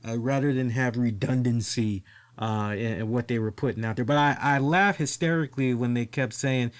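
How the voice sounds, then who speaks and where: A man's voice: medium pitch, normal speed. A man hosting a casual wrestling podcast who swears freely, laughs often and tells stories with lots of energy. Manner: animated, profane, laughs often. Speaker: podcast host.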